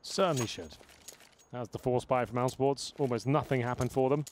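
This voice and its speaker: A man giving live play-by-play commentary on a competitive shooter match, steady and analytical with dry asides. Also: mid-range voice, moderate pace, slight background noise. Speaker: esports commentator.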